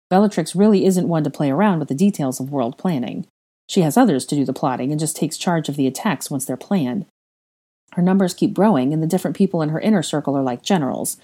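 A woman's voice: sits low, warm tone, husky. A woman reading the lines of a reckless, cocky young man in a fan fiction audiobook.

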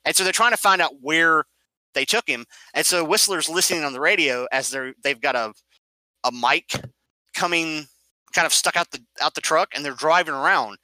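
A man's voice: on the high side, moderate pace, no room sound, rough recording. A man in casual conversation, animatedly retelling film scenes and explaining details. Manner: animated storyteller, acts out scenes. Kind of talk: casual movie discussion.

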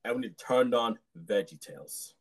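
A man's voice: medium pitch, animated, a little fast, creaky. A man co-hosting a casual podcast, joking and stammering as he jumps in. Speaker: podcast co-host.

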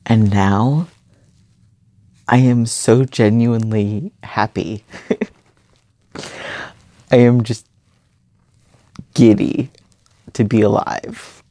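Young man, personal late-night monologue, mellow dark tone, slow delivery. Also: medium pitch, fairly even intonation, dry recording. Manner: earnest, halting, emotional.

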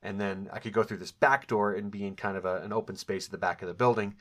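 A middle-aged man with a fairly low voice recounts a memory from his own life. He speaks in a reflective, candid way, pausing on fillers and correcting himself as he goes. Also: fairly even intonation. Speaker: author telling his own story. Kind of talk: personal storytelling, memoir recollection.

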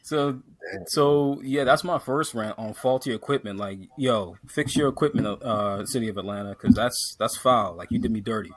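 A man's voice: mid-range voice, normal speed. Man ranting on a casual podcast. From Jamaican heritage. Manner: animated ranting, many restarts and fillers. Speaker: podcast co-host.

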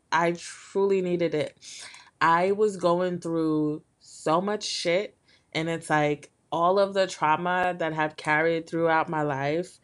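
A young woman hosting a solo podcast, talking candidly in a rambling way with lots of fillers, her voice a bit hoarse from being sick. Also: sits low. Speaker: podcast host. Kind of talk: casual solo podcast talk.

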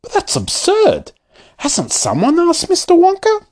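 A man's voice: very high-pitched, huge pitch swings, a little slow, darkish tone, dry recording, clean studio sound, pitched above the performer's own voice, full character voice. A man voicing an eager, curious young boy in a storybook reading, asking pressing questions. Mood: incredulous.

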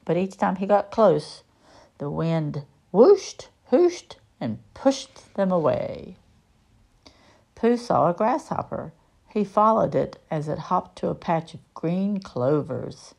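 A woman reading a children's picture book aloud with expressive delivery. She reads slowly, with a lively rise and fall and a creaky edge. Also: on the low side. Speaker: storybook reader.

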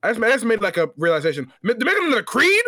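A man's voice: high-pitched, huge pitch swings, very fast, sharp tone, dry recording. A man co-hosting a casual podcast, ranting playfully with lots of swearing. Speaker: podcast co-host. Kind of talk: casual chat.

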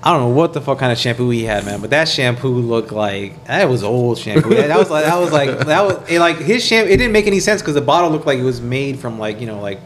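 A man spins a story at a rapid clip, cussing freely and playing out both sides of the conversation. His voice sits in an ordinary middle register. A faint background hiss runs under the recording. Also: medium pitch. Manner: animated, profane, acts out quoted dialogue. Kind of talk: casual storytelling chat.

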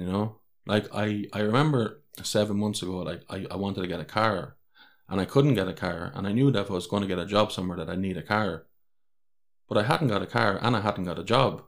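An Irish man hosting a solo podcast, talking candidly and rambling, with frequent swearing. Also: fairly low pitch. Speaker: podcast host.

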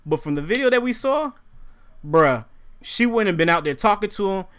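Young guy telling a wild story on a podcast, kinda high voice, does all the voices. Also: moderate pace, clean tone. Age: young adult. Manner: animated storyteller acting out quotes. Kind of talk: casual storytelling chat.

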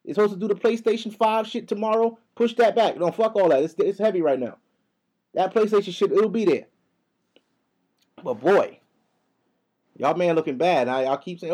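A young man hosting a podcast in a casual, profane, heated rant, talking fast. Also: sits high, lively intonation, a little mellow, husky. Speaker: podcast host. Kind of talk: casual ranting monologue.

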